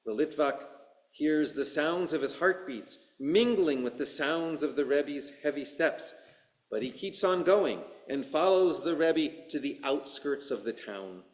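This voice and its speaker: Slow, expressive male rabbi telling a tale. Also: on the high side. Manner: slow, expressive storytelling with voiced dialogue. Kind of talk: story read aloud in a sermon. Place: synagogue sanctuary. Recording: echoey room.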